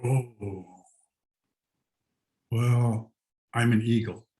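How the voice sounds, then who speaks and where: Slow, reflective older man storyteller. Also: mid-range voice, fairly even intonation, rough recording. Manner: slow, reflective, with soft laughs. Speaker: guest artist and storyteller. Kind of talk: storytelling talk. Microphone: video call.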